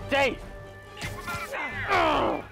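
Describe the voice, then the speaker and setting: A man giving loud, excitable let's play commentary, swearing freely and slipping into goofy mock-announcer bits. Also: very high-pitched, drawn-out words, gravelly, music in the background. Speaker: gaming YouTuber. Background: game soundtrack and sound effects.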